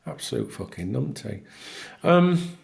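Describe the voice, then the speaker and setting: Gravelly man ranting bluntly. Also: mid-range voice, big pitch swings, measured pace, darkish tone, slight background noise. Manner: blunt, exasperated, swears freely. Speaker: football fan vlogger. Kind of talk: casual solo talk to camera.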